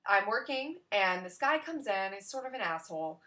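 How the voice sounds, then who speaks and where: A woman's voice: medium pitch, very animated, normal speed, sharp tone. Rambling young woman telling a story. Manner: rambling, full of "like" and "you know". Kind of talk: casual storytelling vlog.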